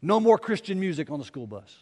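A man's voice: high voice, sing-song, fairly quick, warm tone. A middle-aged man, preaching a sermon in a folksy, rambling, self-deprecating way, recorded in a church sanctuary. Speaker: pastor. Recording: long reverb of a church hall.

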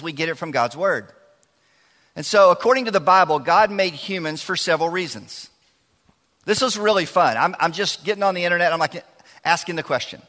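A man, preaching to teenagers and the church in a chatty, joking way. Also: sits high. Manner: lively, chatty, jokes with the crowd. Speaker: youth pastor. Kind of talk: sermon. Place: large church hall. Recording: long hall reverb.

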